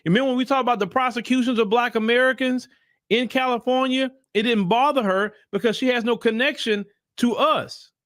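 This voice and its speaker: High-voiced man giving blunt political commentary. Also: a little fast, a bit bright, no room sound, clean studio sound. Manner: emphatic, blunt, repeats points for emphasis; casual vernacular talk to viewers. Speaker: political commentary channel host.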